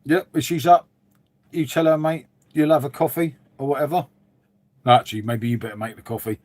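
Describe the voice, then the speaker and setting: A man's voice: fairly high pitch, fairly even intonation, a little fast, darkish tone. A middle-aged man hosting a casual livestream from his dim room at home, rambling and calling his viewers "mate" as he answers them. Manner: chatty, rambling, says "mate" a lot, reads and answers viewers. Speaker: livestream host. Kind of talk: casual live-stream chat.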